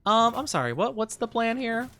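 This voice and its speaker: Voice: medium pitch, sing-song, moderate pace, sharp tone. A streamer giving casual, chatty commentary while playing a game, often laughing and greeting chat at a desk microphone. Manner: chatty, giggly, talks to chat.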